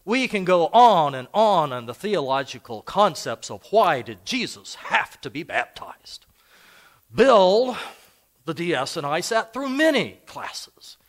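An older man preaching a sermon as a pastor, telling personal stories in a conversational way. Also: on the high side. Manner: conversational and anecdotal. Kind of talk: storytelling sermon.

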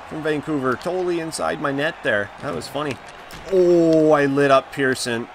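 Excitable man narrating his own hockey game. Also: on the high side, moderate pace, a little hiss or hum. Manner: excitable, reacts loudly, groans and laughs at plays. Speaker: gaming channel host. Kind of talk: live gameplay commentary.

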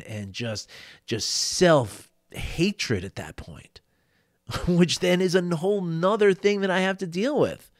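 A middle-aged male coach telling personal stories, animated, often laughing and acting out quotes. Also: fairly high pitch, slow pace, dry recording, clean studio sound. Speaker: life coach. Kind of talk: reflective storytelling monologue.

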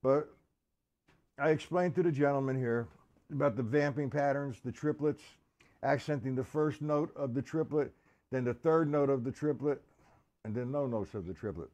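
A man giving a live-streamed drum lesson. He counts beats out loud and chats casually with viewers between exercises. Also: medium pitch, normal speed. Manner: counts out loud over drumming, chatty asides to viewers. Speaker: drum teacher. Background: drum kit playing.

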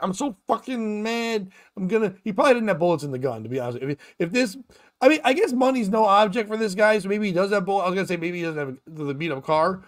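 A man hosting a casual comedic talk show, riffing and ranting with lots of swearing. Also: high-pitched. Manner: profane, riffing, rambling rants. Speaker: podcast host.

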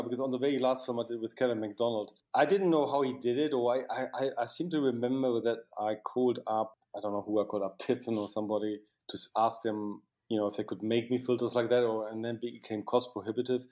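Halting, reflective male cinematographer. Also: medium pitch, fairly even intonation, a little mellow. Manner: halting, many restarts and "you know". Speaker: cinematographer, interview guest. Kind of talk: reflective interview recollection.

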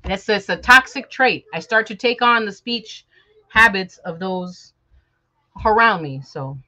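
A woman's voice: mid-range voice, unhurried, bright, forceful tone, highs cut off. A woman from Chicago, chatting casually and joking with viewers on a live stream while working on a sewing project at home. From Chicago, USA. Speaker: sewing vlogger.

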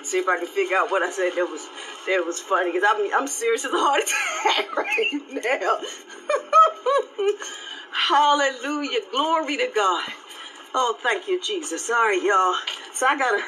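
A woman pastor giving an animated, live-streamed devotional talk, repeating her phrases and laughing often. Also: a little high, slight background noise, poor audio.

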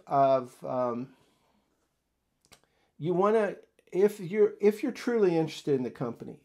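A man giving casual career advice on job interviews, acting out quoted lines from employers and candidates. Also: sits high. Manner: animated, acts out quoted dialogue. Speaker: career coach. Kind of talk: casual instructional talk.

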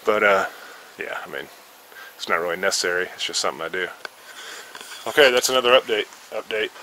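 A man's voice: deep voice, a little fast, sharp tone, a little hiss or hum, rough recording. Profane, rambling man in a shed. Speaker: vlogger. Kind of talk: casual rambling vlog. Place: cluttered backyard shed.

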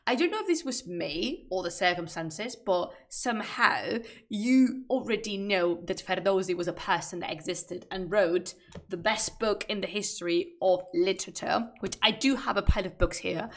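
A woman's voice: mid-range voice, moderate pace. A woman chatting casually on a livestream, enthusiastic and a bit rambling, with fillers. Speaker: streamer.

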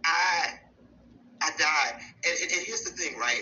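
Sassy high-voiced man on a gossip show. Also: unhurried, sharp tone. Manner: sassy, joking, breaks into laughter. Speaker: co-host. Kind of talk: casual gossip talk show banter. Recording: dull lo-fi sound with clear background noise.

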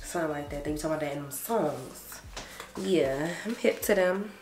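A young adult woman vlogger chatting casually to her camera, animated and saying "y'all" a lot. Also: deep voice, brisk. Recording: roomy echo, faint music behind.

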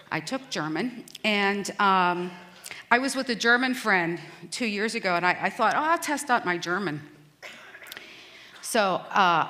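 A woman's voice: medium pitch, sharp tone. A middle-aged American woman giving a self-deprecating, humorous stage talk at a conference. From United States.

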